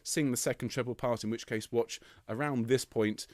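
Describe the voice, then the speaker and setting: A man's voice: medium pitch, fairly even intonation, normal speed, dry recording. A man teaching a choir part, patiently explaining and singing short demonstration phrases with encouragement. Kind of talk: choir rehearsal tutorial. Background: piano accompaniment.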